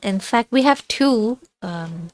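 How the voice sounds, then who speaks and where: A woman tutoring through a course book in a casual study-along lesson, chatty and quick to skip busywork. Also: medium pitch, expressive, a little mellow, dry recording. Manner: chatty, dismissive of busywork, mixes textbook reading with explanation. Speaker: language tutor.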